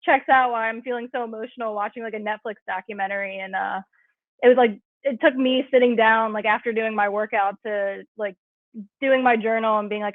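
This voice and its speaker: A woman's voice: fairly high pitch, steady tone, a little fast, dry recording. A woman guest in casual podcast conversation, talking in a chatty way with many fillers. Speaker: guest, cycle syncing coach. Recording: tinny phone-like line, dry.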